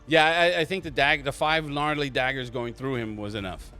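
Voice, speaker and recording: A man narrating a tabletop game as game master, halting and restarting, with quick voiced asides. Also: mid-range voice, bright, forceful tone, soft background music.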